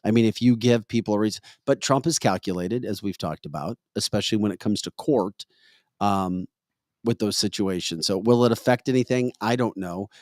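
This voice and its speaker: A man's voice: on the low side, a little fast, a little mellow, dry recording, studio quality. A man hosting a political commentary podcast, making his points with emphatic, opinionated commentary. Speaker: podcast host.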